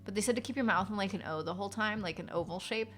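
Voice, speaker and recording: A woman's voice: medium pitch, racing, a bit bright, faint music behind. A woman streamer and voice actor chatting casually on a live stream from her apartment, rambling with fillers and swearing, her nose congested. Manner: rambling, frequent fillers and profanity.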